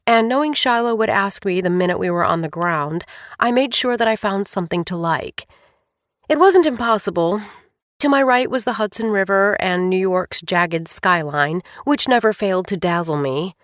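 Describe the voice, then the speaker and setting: A woman's voice: medium pitch, dry recording. Woman reading an audiobook, dry and close. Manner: expressive first-person reading, wry. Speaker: audiobook narrator. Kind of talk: scripted audiobook narration.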